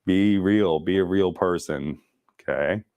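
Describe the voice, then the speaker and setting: A man running a casual real estate sales training, talking fast and joking with the group. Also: deep voice, a little mellow, no echo. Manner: talks fast, chatty and joking.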